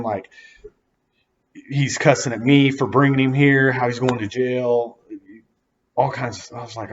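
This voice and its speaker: A man telling a personal story in casual slangy speech, acting out quoted lines with sudden loud outbursts. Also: mid-range voice, moderate pace, dull audio.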